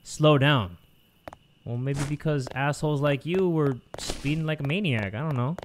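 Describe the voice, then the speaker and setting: Excitable high-voiced young man gaming. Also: normal speed, slight background noise. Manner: loud, excitable, crude jokes, shouting in panic. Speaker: gaming YouTuber. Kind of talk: horror game let's play commentary.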